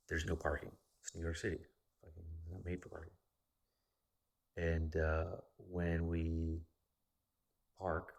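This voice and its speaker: A young man with a low, gravelly voice tells a long story casually. He swears often and acts out what other people said in an animated, profane retelling.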